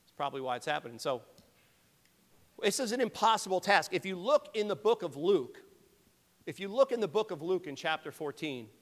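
A male pastor with a high voice delivers an earnest, emphatic sermon. He keeps stopping to clear his throat. His words ring out with the long reverb of a large hall. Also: sing-song, fairly quick. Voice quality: earnest, emphatic preaching with rhetorical questions.

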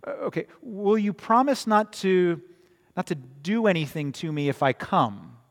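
A man's voice: high voice, lively intonation, unhurried, big-room sound, pitched above the performer's own voice. A man doing a timid, scared young girl. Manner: timid, hesitant, pleading. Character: frightened thirsty young girl.

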